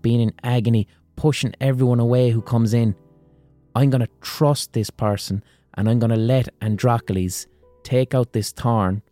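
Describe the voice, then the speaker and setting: A man's voice: medium pitch, warm tone, no room sound, natural voice. Man doing a wounded, swearing lion. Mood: resolved. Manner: swearing, defensive outbursts. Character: wounded lion in a cave, stubborn and volatile.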